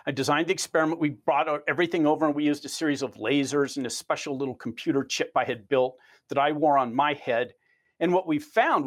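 A man speaking in a somewhat high voice, telling lab stories with animation. He answers interview questions and often repeats a word as he starts a phrase. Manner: animated storyteller, repeats words when starting. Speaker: research scientist.

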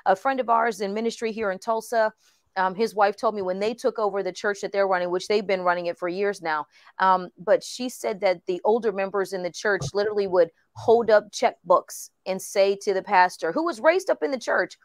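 A woman apostle hosts a casual ministry discussion, speaking at medium pitch and a little fast, recorded in studio quality with no echo. She tells stories with animation and laughs often.

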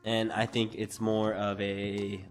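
A man's voice: fairly low pitch, monotone, slow, soft background music. A young adult man co-hosting a live-streamed podcast, chatting casually and reading out viewer comments. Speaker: podcast co-host.

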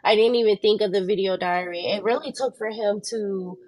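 A young woman co-hosting a faith podcast, telling her story in an animated way and jumping into high voices when she quotes people, sounding tired and worn down. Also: a little fast. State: tired and under the weather. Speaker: podcast co-host. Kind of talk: casual faith podcast chat.

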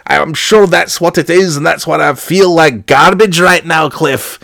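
A man's voice: on the high side, measured pace, vocal fry, fairly bright tone, no room sound. A man voicing a crude, angry old Scottish uncle leaving a rambling voicemail, in a put-on Scottish accent, repeating the nephew's name over and over. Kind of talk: comedy podcast bit.

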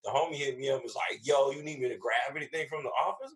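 A man's voice: fast, over a noisy crowd, rough recording. A man, a comedian guest, telling a story in casual, profane chat, acting out the people he quotes. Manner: animated, acts out quoted voices with big pitch jumps; slangy and profane.

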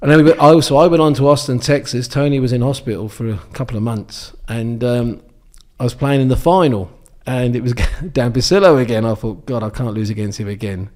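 Speaking briskly with hardly any pauses, a former darts champion from England, now in his sixties, rambles through anecdotes as a guest in a relaxed interview. His voice sits at medium pitch with a darkish tone, and he fills it with ums and restarts.

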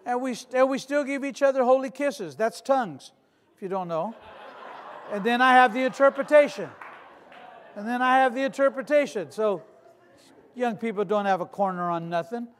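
A man in his sixties, a pastor preaching a sermon with humor and asides, swinging from loud declarations to hushed storytelling. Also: extremely high pitch, moderate pace. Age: 60s.

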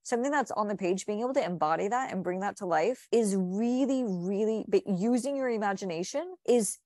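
A woman's voice: medium pitch, fairly quick, mellow, no echo, clean studio sound. A woman speaking as a client in a hypnosis session, rambling earnestly and encouragingly with many fillers and restarts.

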